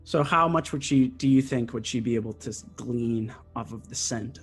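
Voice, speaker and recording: A man runs a tabletop game, narrating scenes in a loose, rambling way with plenty of "like" and "um". His voice sits at an ordinary middle pitch, and faint music plays behind him. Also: moderate pace, husky. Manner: rambling, full of fillers and likes. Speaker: game master.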